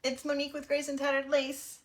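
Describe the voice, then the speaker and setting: A woman's voice: sits high, monotone, fairly quick. Chatty woman hosting a craft livestream. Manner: chatty and friendly, talks while eating. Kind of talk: casual livestream chat.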